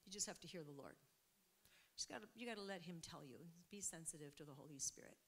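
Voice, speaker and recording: A middle-aged woman preaching, telling a testimony in an animated way and acting out what people said. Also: low voice, brisk. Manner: animated storytelling, acting out quotes, laughing. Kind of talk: sermon testimony.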